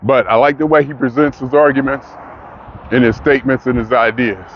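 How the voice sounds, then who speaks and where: A man's voice: medium pitch, fairly even intonation, fairly quick, lo-fi sound, a little hiss or hum. A man in a casual monologue, rambling and questioning himself, sometimes mocking others in put-on voices. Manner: rambling, self-questioning, restarts often. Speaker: vlogger.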